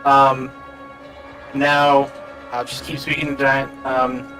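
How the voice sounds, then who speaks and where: A man's voice: medium pitch, monotone, slow. A man playing a tabletop game, easygoing and laughing often, with many "um"s. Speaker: player. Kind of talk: casual tabletop game play. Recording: distant mic with faint background music.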